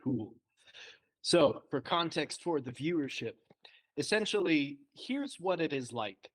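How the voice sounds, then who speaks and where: A man's voice: a little high, sing-song, a little slow, fairly bright tone. A young man chatting casually on a podcast, telling self-deprecating stories and laughing often. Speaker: co-host, trainee.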